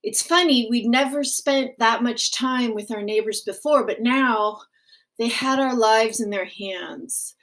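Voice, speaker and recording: A woman reading a graphic novel aloud, in a gentle, unhurried storytelling manner. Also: a little high. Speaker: audiobook reader.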